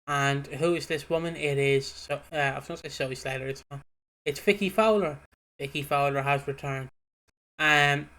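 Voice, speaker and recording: A man's voice: on the high side, moderate pace, pushed and bright. A man co-hosting a casual podcast, recapping the plot with hesitant fillers. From Britain. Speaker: podcast co-host. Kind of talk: casual chat.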